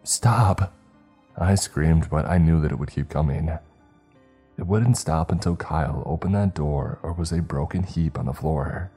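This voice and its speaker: A man with an extremely low, dark voice tells a first-person horror story in a measured, suspenseful way. His tone is husky, and faint music plays under the narration.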